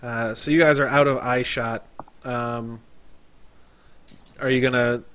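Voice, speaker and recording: A man narrating a tabletop game as game master, describing scenes in a loose, halting way. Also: mid-range voice, steady tone, fairly bright tone, clear, resonant tone.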